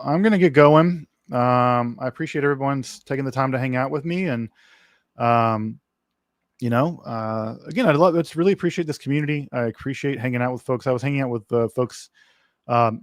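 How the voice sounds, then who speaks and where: A man hosting a relaxed livestream, talking in loose, rambling bursts full of fillers and restarts. His voice sits at a middle pitch. The sound is dry and close, with no room around it. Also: dry recording. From working-class background. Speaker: livestream host. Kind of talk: casual livestream chat.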